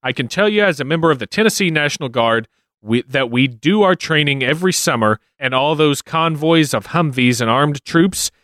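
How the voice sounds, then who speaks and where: A man's voice: fairly high pitch, animated, normal speed, a bit bright, no echo, clean studio sound. A man co-hosting a podcast in casual chat, rambling and laid-back with lots of fillers. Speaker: podcast co-host.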